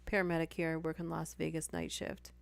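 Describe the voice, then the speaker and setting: A woman's voice: deep voice, flat delivery, fairly quick, creaky, no room sound. A woman hosting a live stream, reading stories aloud and breaking off for chatty asides and apologies.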